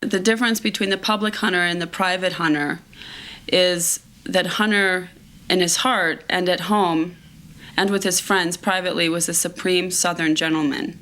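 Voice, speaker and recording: Low-voiced woman, measured interview talk. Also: steady tone, fairly bright tone. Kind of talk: reflective interview.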